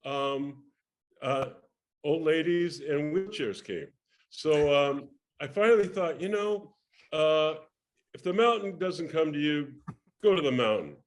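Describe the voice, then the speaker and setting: An older man, guesting in a casual interview, tells a lively career anecdote, acting out the voices of people he quotes and restarting often. His voice is on the high side and a little slow.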